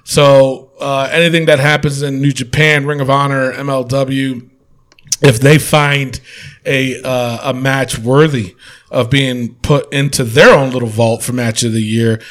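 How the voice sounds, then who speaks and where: A man's voice: mid-range voice, fairly even intonation, measured pace, a bit bright. A man hosting a casual podcast chat, laid-back and joking, swearing freely. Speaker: podcast host.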